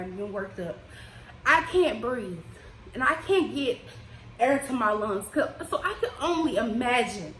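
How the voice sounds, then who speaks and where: A woman's voice: fairly high pitch, a bit bright, echoey room, slight background noise. A woman from the United States speaking in an impassioned personal vlog, emotional and casual, her voice rising and falling with feeling. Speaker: vlogger. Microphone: desk microphone.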